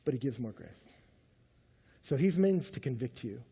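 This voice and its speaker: A man preaching a sermon in a conversational way, swinging between loud and hushed. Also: medium pitch, lively intonation, normal speed, husky. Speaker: pastor. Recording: long hall reverb.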